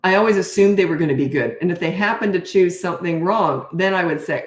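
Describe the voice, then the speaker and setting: In an echoey room, a tired-sounding middle-aged woman coaches parents through a live Q&A, blunt and emphatic as she acts out what she'd say to kids. She talks fast in a lowish voice, with hardly any pauses.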